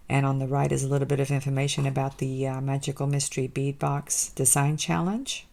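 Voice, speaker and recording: A woman's voice: a bass voice, vocal fry, a little mellow. A woman hosting a casual unboxing vlog, gushing with enthusiasm and calling her viewers "guys" as she shows each item. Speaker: jewelry designer and channel host.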